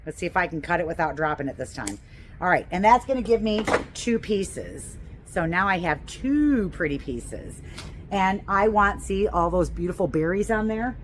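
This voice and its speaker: A woman's voice: medium pitch, slight background noise, low-quality recording. A woman gardening instructor giving a chatty, enthusiastic how-to demonstration, gushing over her greens as she works. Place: outdoors on a porch.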